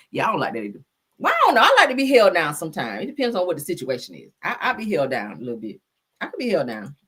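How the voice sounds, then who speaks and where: A brash woman hosting a casual talk show, her husky voice swinging up and down with lively energy. She tells stories loudly, swears freely and laughs often. Her pitch sits a little low. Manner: loud, profane, laughing storyteller. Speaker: host. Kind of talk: casual commentary chat.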